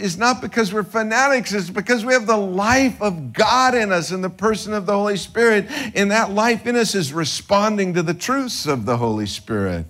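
Animated conversational male preacher. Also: sits high. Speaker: pastor. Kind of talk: sermon.

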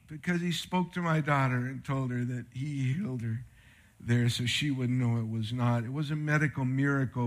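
A man preaching a sermon with slides, telling stories in an animated, conversational way. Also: mid-range voice. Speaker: pastor.

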